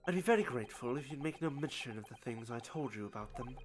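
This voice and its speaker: A streamer voicing a quiet, apologetic older man who speaks softly and formally. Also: medium pitch, animated, quick pace, soft background music, close to an everyday voice. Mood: wary. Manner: soft-spoken, formal, subdued.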